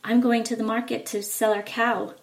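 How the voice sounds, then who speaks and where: An eager, polite young boy from a fairy tale, played by a woman narrator. His voice sits high and bright, earnest and keen. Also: flat delivery, moderate pace, lightly acted.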